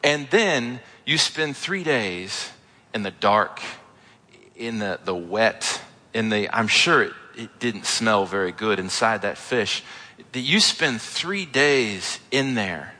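A man's voice: fairly low pitch, animated, slow pace, sharp tone. A man preaching a sermon as a pastor, retelling a story in a casual, conversational way with asides. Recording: echoey hall.

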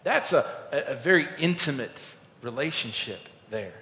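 A man's voice: medium pitch, animated, normal speed, slight background noise. Man preaching in an echoey hall. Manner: informal, storytelling, builds to loud emphatic peaks. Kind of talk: conversational sermon.

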